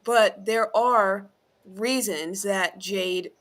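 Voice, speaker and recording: A woman with a bright, crisp tone explains her wrestling opinions on a casual podcast. She reasons carefully, qualifying her points as she goes, recorded over a video call. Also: medium pitch, fairly even intonation, drawn-out words. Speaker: podcast co-host. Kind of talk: casual wrestling review chat.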